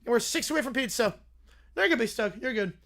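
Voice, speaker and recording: High, lively woman streamer. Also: fast talker. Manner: bursts into laughter and loud exclamations. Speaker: livestream host. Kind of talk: casual livestream chat reading donations.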